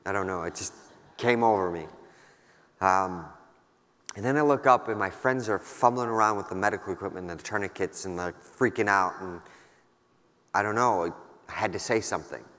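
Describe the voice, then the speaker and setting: A man's voice: sits low, normal speed, long pauses, fairly bright tone. A man in his thirties giving a keynote talk, telling a personal war story in a candid, casual, wry way with lots of fillers. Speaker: keynote speaker. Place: large conference hall. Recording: long hall reverb.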